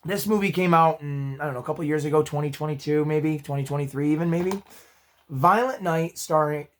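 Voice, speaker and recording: Male vlog host, a touch high-pitched, hoarse from losing his voice, friendly rambling review style. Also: a little fast, a little hiss or hum. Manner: chatty and upbeat, self-deprecating asides. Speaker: movie review channel host. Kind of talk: casual spoken movie review.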